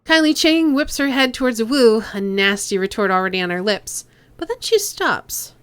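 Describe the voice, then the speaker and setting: A woman streamer narrating a role-playing game with lively, joking asides. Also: a little high, normal speed, clean tone.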